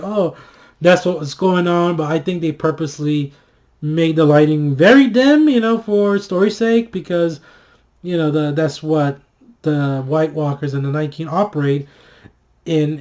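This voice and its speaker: A man giving a casual spoken review of a TV episode, excitable and swearing freely, with many fillers and restarts. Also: fairly high pitch.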